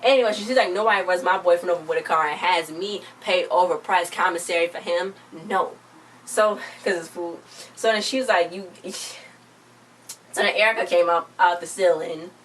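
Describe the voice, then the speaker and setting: A young woman casually recapping a TV episode, chatty and animated, acting out the characters' lines and adding her own reactions. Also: on the low side, normal speed. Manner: chatty, animated retelling with quoted lines and asides. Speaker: TV episode reviewer. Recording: distant mic with faint background noise.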